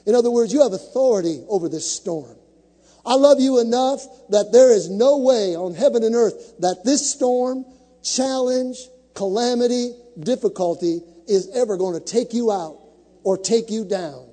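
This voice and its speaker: A man's voice: extremely high pitch, normal speed, mellow, long reverb tail. A male pastor preaching a sermon to a congregation, with dramatic build-ups, acting out the scripture stories he tells.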